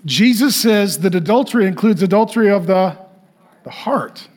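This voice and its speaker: A pastor delivering a humorous sermon, telling stories in an animated way and often laughing as he talks. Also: high voice, normal speed.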